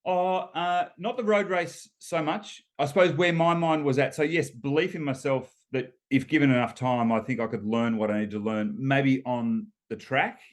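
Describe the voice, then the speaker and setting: A man's voice: medium pitch, steady tone, moderate pace, hardly any pauses. Chatty Australian man telling stories. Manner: chatty storyteller, laughs between points, many ums and restarts. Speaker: guest, former Olympic rower. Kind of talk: casual storytelling interview.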